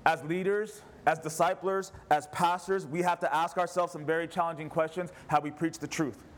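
A man's voice: a little high, steady tone, normal speed. A pastor preaching a sermon in church, an impassioned man who fires off rhetorical questions. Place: church service.

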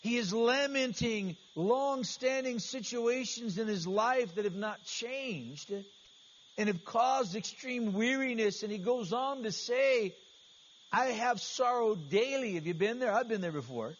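A man's voice: extremely high pitch, lively intonation, unhurried. A man preaching an earnest, conversational sermon as pastor, often restarting his phrases. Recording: slightly dull, faint hiss.

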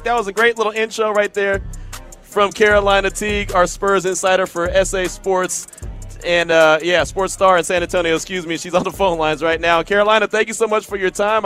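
Upbeat high-voiced sports radio host, man. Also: fairly bright tone. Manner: casual, upbeat, friendly banter with callers. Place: radio studio. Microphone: studio microphone.

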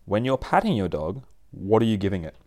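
A man with a somewhat low voice hosts a relaxed advice podcast about training dogs. He explains each point in plain, chatty language, often circling back and restarting a sentence. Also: a little fast. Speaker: dog trainer podcast host.

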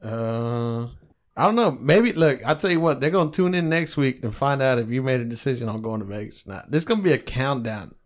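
A middle-aged man co-hosting a casual podcast with a middle-pitched voice. He tells stories loosely and with animation, dropping curses all the time. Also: fairly quick. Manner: profane, animated storytelling. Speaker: podcast co-host. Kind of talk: casual chat.

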